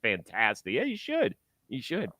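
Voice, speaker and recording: A man's voice: mid-range voice, wildly swooping pitch, moderate pace, bright, forceful tone, no echo. A man hosting a sports talk show, chatting about baseball in an enthusiastic, joking way and reading ads. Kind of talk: casual sports talk and ad read.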